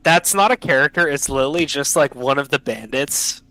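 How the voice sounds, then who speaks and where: A man's voice: mid-range voice, brisk, bright, forceful tone, low-quality recording. A young man hosting a casual podcast chat over an online call, enthusiastic and slangy, often cutting himself off mid-sentence. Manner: enthusiastic, slangy, self-interrupting. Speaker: podcast host.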